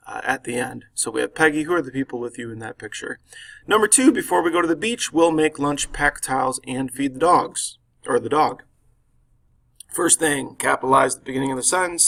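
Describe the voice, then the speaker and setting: A man's voice: mid-range voice, a bit bright. A man teaching a grammar lesson, explaining each answer step by step and reading the example sentences aloud. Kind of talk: recorded grammar lesson walkthrough.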